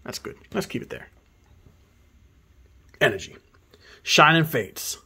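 A man casually commenting while he opens trading card packs, excitable and often muttering card names half under his breath. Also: fairly high pitch, slow, creaky, breathy edge. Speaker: card opening channel host. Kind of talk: casual pack opening commentary.

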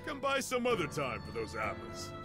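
A man's voice: fairly high pitch, wildly swooping pitch, normal speed, bright, forceful tone, breathy edge, soft background music, exaggerated voice. A man voicing a polite, matter-of-fact fruit shopkeeper in a visual novel. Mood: businesslike. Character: polite, businesslike adult male fruit shopkeeper.

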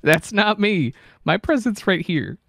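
A man's voice: high voice, animated, a little slow, creaky. A man chatting with a friend over a game, amused and chuckling through teasing denials. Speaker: gaming video creator. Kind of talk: gameplay chat with a friend. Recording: loud background noise with mouse clicks.

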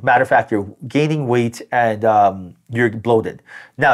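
A man giving a tarot reading as spiritual guidance, talking animatedly and acting out quoted voices. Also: mid-range voice. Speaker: tarot reader.

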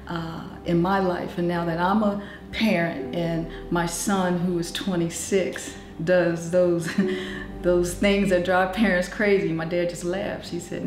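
A middle-aged woman giving a heartfelt documentary interview, telling warm family stories and growing emotional in places. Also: on the low side, echoey room. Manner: heartfelt, storytelling, softening into emotion. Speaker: interviewee, eldest daughter.

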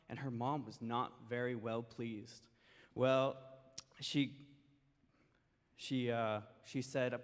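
Guy reading a kids story at church, mid pitched, big echoey hall. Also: fairly even intonation, takes it slowly. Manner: gentle, folksy storytelling with some stumbles. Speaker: children's story teller. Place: church sanctuary. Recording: long church hall reverb.

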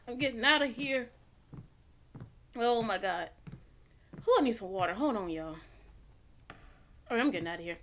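A woman hosting a gaming channel and giving excitable let's-play commentary, gasping, swearing and jumping at scares. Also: a little high, measured pace, pauses often.

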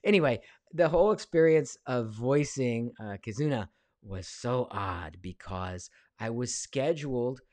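A man's voice: mid-range voice, darkish tone, no room sound. A man in his forties, a voice actor, chatting casually on a live stream from his home studio, reading viewer questions aloud with lots of fillers. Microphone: studio mic.

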